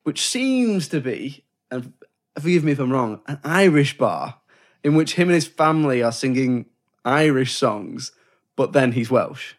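A man's voice: medium pitch, lively intonation, unhurried. A man co-hosting a casual film discussion podcast, rambling and self-correcting, often acting out quoted lines. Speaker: podcast co-host.

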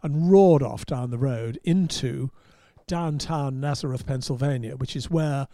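Wry English storyteller with a mellow voice. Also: male voice, mid-range voice, measured pace, dry recording, studio quality. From England. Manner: wry, rambling storyteller with restarts. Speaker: motorsport journalist. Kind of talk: casual anecdote on a podcast.

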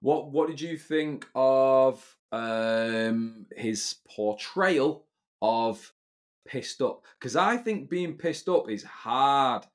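A man's voice: medium pitch, animated, drawn-out words. A man with a British accent co-hosting a podcast, chatting casually, opinionated and swearing freely. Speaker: podcast co-host. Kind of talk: casual chat.

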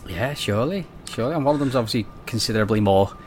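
A man's voice: medium pitch, expressive, racing, slight background noise. A man co-hosting a comedy podcast, chatting casually in a rambling, hesitant way. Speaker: podcast co-host.

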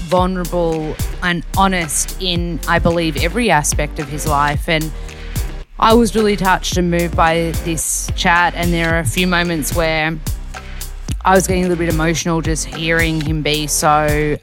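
A woman with an Australian accent hosts a podcast interview, her voice sitting a little low. She speaks with effusive, bubbly enthusiasm. Music plays clearly in the background. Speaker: podcast host.

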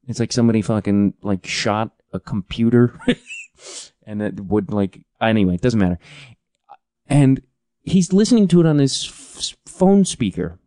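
A man's voice: lowish voice, lively intonation, normal speed, dark tone, no echo, clean studio sound. A man in his thirties hosting a podcast, ranting in a profane, exasperated, rambling way with many restarts. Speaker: podcast host. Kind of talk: ranting comedic monologue.

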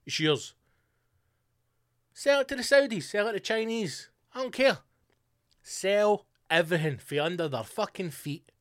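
A man's voice: high-pitched, lively intonation, moderate pace, long pauses, dry recording, studio quality. A man hosting a solo podcast, ranting with lots of swearing and sarcastic asides. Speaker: podcast host.

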